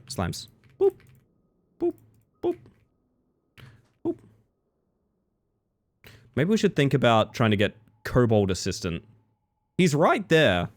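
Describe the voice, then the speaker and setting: A man live-streaming a game, chatting playfully with viewers, giggling and jumping into silly squeaky bits. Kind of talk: live-streamed gameplay chat.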